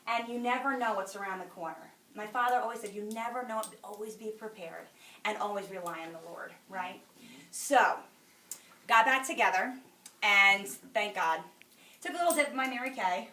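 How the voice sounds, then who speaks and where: A middle-aged woman gives a chatty, preachy motivational talk to a crowd in a large room. Her voice sits a little high and sounds bright and forceful. She is heard from some distance, and the hall adds plenty of echo. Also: lively intonation, normal speed. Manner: emphatic, chatty, preachy, laughs between lines. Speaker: sales director speaking to a group. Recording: echoey hall, speaker far from mic.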